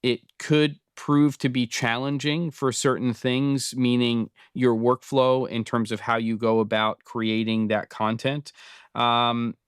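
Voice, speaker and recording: A man's voice: mid-range voice, takes it slowly, smooth, no room sound, studio quality. A man in his fifties from Britain hosting a casual tutorial, thinking aloud with frequent ums. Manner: relaxed, thinking aloud with many fillers. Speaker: host. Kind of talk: casual screen-recorded tutorial.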